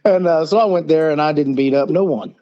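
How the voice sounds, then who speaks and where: Here a middle-aged Southern US man, a podcast guest, tells long rambling stories in a casual way, acting out the quoted dialogue. He speaks fairly quickly with a fairly high pitch. The remote-call recording is muffled.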